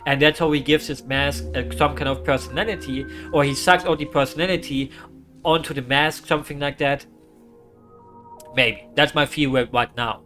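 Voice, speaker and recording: A man's voice: on the high side, sharp tone. A man from Europe reading a horror story aloud, often stopping for amused, rambling asides. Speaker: creepypasta reader. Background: guitar music.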